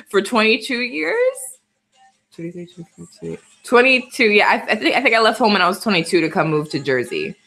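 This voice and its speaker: A woman's voice: mid-range voice, lively intonation, a little fast, gravelly, pauses often, fairly bright tone. A woman in her twenties from the Bronx with a light New York accent, chatting casually and laughing a lot on a live stream. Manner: chatty, laughs often, reads viewer comments. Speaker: livestream host.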